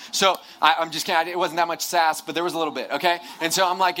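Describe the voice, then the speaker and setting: A man's voice: a little high, quick pace, a bit bright. Young man telling a joking sermon story. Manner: humorous, conversational, self-deprecating storytelling with frequent restarts. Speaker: campus ministry speaker.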